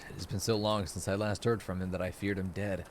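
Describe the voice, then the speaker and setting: A man reading aloud the lines of a stern old male tribal elder from a game, in a low, even voice. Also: quick pace, a little hiss or hum, lightly acted.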